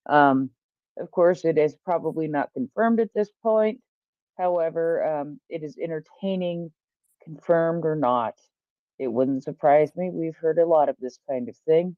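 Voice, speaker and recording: A man casually passing on a news item in an online audio chat, with wry, unhurried delivery. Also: fairly high pitch, no room sound. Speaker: Twitter Space participant. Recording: muffled dry online call audio.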